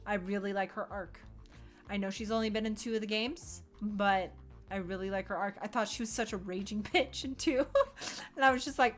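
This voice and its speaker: An excitable young woman chats casually on her stream, breaking into laughs and playful swearing as she acts out little quotes. Her talk swings up and down with enthusiasm. Faint music plays behind her. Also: mid-range voice, moderate pace. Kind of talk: casual chat.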